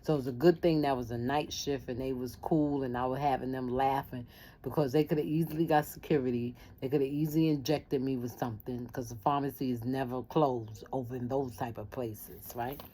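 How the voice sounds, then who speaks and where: A woman telling a personal story in casual talk, lively and acting out the voices of family members. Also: a bass voice, brisk, slight background noise.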